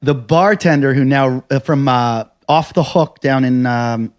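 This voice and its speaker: A man's voice: medium pitch, unhurried. A man hosting a casual comedy podcast, telling a story and laughing often. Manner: laughs often while telling stories, mimics others.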